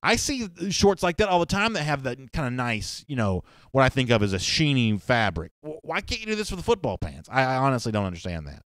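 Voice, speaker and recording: A man's voice: medium pitch, wildly swooping pitch, brisk, few pauses, a bit bright, no echo, studio quality. A man hosting a live sports talk show, chatting casually and reading viewer comments, rambling with restarts and fillers.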